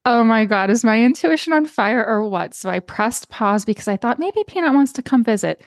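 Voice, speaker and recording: A woman's voice: lively intonation, moderate pace, no echo, studio quality. A woman hosting her own podcast from home in a casual, chatty way, from the United States. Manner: warm chatty, lapses into high baby-talk to her cat. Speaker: podcast host. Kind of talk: casual solo podcast chat. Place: small room at home.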